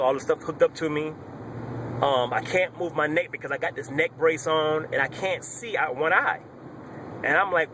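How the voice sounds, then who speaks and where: A man's voice: medium pitch, slight background noise. Young man telling his story, loose and slangy. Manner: animated, loose slangy retelling with many fillers. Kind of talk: casual personal storytelling.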